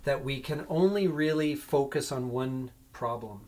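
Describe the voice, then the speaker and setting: A man running a board game as game master, explaining rules with many pauses and self-corrections. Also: medium pitch, a little mellow.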